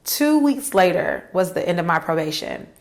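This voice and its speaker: A woman's voice: lowish voice, big pitch swings, moderate pace. A woman in her thirties telling a personal career story to her viewers, candid and emphatic, speaking to them directly. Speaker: career vlogger.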